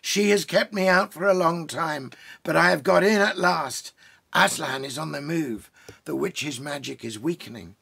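A grand, glad Father Christmas from a storybook announces his gifts in loud, slow, weighty tones, as a man reading aloud puts him on. The voice sits a little above the reader's own and keeps its gravelly, husky grain. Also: fairly high pitch, voice pushed up, exaggerated voice. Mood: solemn, joyful.

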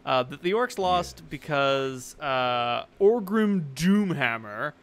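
A man giving casual commentary on a game he is playing. He rambles and jokes, swears freely, and speaks in a fairly high voice. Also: expressive, slow, a bit bright. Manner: rambling, profane, jokey. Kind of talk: casual let's-play commentary.

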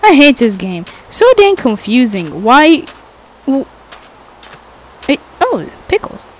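A woman's voice: high-pitched, big pitch swings, slow, slight background noise. A woman giving casual, jokey commentary while playing a game, chatting to herself and swearing now and then. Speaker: gaming vlogger.

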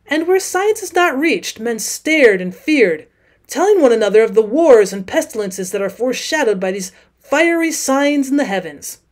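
Female narrator, higher-pitched voice, measured expressive audiobook reading. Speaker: teacher reading aloud.

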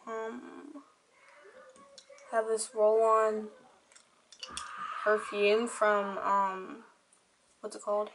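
A woman's voice: mid-range voice, flat delivery, extremely slow, gravelly, pauses often, slight background noise. A teenage girl talking through her things in a casual, rambling show-and-tell chat, with lots of "like" in her speech. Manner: chatty, rambling, heavy use of "like". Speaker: vlogger. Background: crying children.

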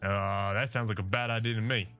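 Lower-voiced man chatting over gameplay. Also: steady tone, brisk, bright, forceful tone, soft background music. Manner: chatty, jokey, self-deprecating. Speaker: gameplay streamer. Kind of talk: casual let's-play commentary.

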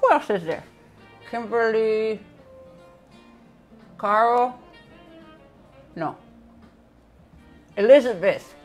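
A woman hosts a relaxed live cooking demo, laughing often and chatting straight to her viewers. Her voice sits a little high, a bit muffled by the bread in her mouth. Faint music and kitchen chopping sounds play behind her. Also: drawn-out words, long pauses. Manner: giggly, chatty, talks to viewers. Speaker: cooking show host.

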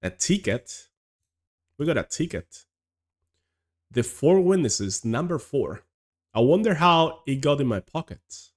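A man's voice: on the high side, big pitch swings, unhurried, pauses often. A man streaming a game, chatting casually and reading the on-screen text aloud. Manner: chatty, reacts aloud, mumbles asides.

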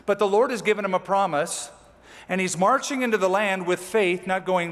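A man's voice: high voice, moderate pace, a bit bright. Man preaching in a reverberant church hall. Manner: reads scripture then explains it with casual asides. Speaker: pastor. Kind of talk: expository sermon.

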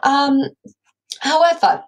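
A woman's voice: sits high, expressive, slow pace, poor audio. A woman English teacher giving a recorded lesson, explaining a play and thinking aloud as she goes.

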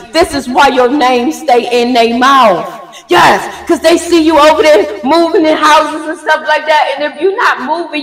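A high-pitched woman delivering a tarot reading with sass and swagger, swearing freely and stretching her words out. She talks slowly and deliberately. Her voice rings in an echoey room with a long reverb tail. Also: fairly bright tone. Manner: sassy, emphatic, profane, slow and drawn-out. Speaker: tarot reader.

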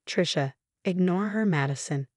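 A woman voicing a gentle, sincere older father-in-law in a narrated story. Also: lowish voice, moderate pace, no room sound, studio quality, natural voice. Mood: kind. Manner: warm, sincere.

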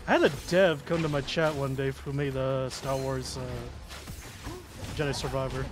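A man's voice: medium pitch, fairly even intonation, unhurried, over music. A man hosting a co-op gameplay session, teasing his friends and laughing often. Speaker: gaming video host. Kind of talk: casual co-op gameplay chat.

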